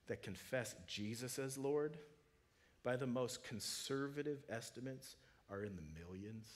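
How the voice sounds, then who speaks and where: A man preaching a sermon in a church, talking casually with restarts, then swelling from quiet low asides to loud, high, urgent peaks. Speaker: pastor. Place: church sanctuary.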